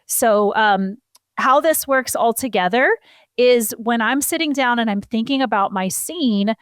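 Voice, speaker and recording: A woman's voice: a little high, unhurried, clear, resonant tone, no room sound, clean studio sound. A woman co-hosting a casual podcast, explaining horse photography in a chatty, self-deprecating way.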